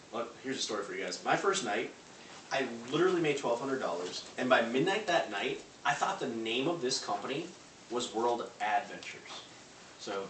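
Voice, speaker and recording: A man giving a loud, punchy sales pep talk to a live audience, acting out phone calls. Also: mid-range voice. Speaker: motivational speaker. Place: large room before a live audience. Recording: echoey hall from far off, faint noise.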